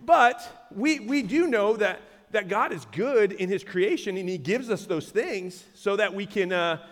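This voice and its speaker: Male pastor, high voice, lively conversational sermon, long hall reverb. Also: unhurried. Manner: animated, conversational preaching with laughter and asides. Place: large church auditorium.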